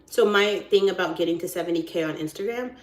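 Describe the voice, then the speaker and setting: A woman's voice: on the low side, fast talker. Goofy chatty woman in an echoey room. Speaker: realtor. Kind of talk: casual live-stream chat. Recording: roomy echoey sound.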